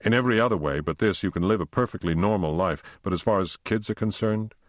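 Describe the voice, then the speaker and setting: A man's voice: deep voice, quick pace, no echo, studio quality, lightly acted. A man reading a blunt, matter-of-fact doctor.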